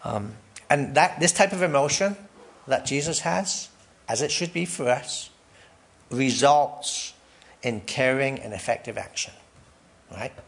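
A man's voice: medium pitch, animated, a little slow, vocal fry, long pauses. A man preaching a sermon in a conversational way, asking the congregation questions, tagging "right?" onto his points and laughing lightly between phrases.

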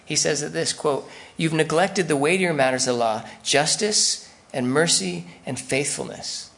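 A man's voice: fairly high pitch, moderate pace, creaky, fairly bright tone. A man preaching a sermon in a conversational way, acting out the voices of the people he quotes. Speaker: pastor.

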